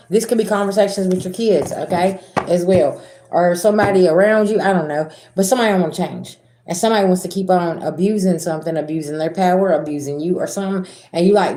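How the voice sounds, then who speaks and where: This spiritual reader talks briskly in a mellow, mid-range voice, and the room she's in echoes. She's a Southern woman with a Southern American accent doing a laid-back tarot reading for viewers, cursing freely, speaking bluntly, and playing out arguments as she goes.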